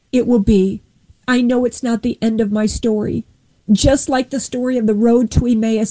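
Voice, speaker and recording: A woman's voice: high-pitched, warm tone, rough recording. A woman earnestly sharing a personal faith testimony and retelling a Bible story with voiced dialogue.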